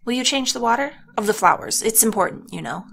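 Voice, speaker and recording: A woman's voice: fairly high pitch, lively intonation, quick pace, vocal fry, fairly bright tone, slight background noise, pitched above the performer's own voice. Woman reading as earnest sawmill worker man. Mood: rallying. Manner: earnest, rallying. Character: earnest middle-aged male sawmill worker, rabble-rousing.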